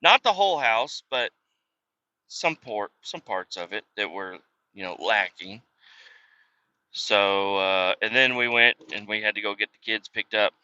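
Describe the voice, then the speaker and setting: A man's voice: on the low side, lively intonation, unhurried, pushed and bright, clear, resonant tone, no echo. A man in his thirties hosting a podcast, telling rambling, profane stories in casual talk and acting out what others said. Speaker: podcast host. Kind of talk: casual storytelling monologue. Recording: dull lo-fi sound.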